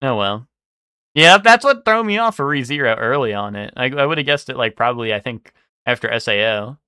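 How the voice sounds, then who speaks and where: Young guy streaming, bright voice, super casual, swears, mumbles guesses, dry mic. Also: mid-range voice, expressive, fairly quick, smooth, no room sound. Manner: casual, swearing, thinking aloud while guessing. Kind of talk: casual live-stream commentary.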